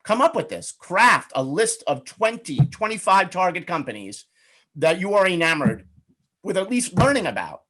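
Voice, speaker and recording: A man's voice: high voice, big pitch swings, moderate pace, fairly bright tone. A middle-aged man giving a webinar on networking, talking in a chatty, upbeat way and acting out sample questions. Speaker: webinar presenter, networking coach. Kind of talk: conversational webinar talk.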